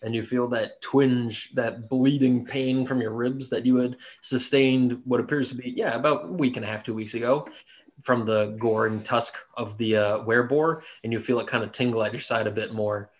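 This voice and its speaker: A man's voice: mid-range voice, steady tone, moderate pace. A man narrating a tabletop game as game master, casual and swearing freely. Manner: casual, swearing, laughs easily.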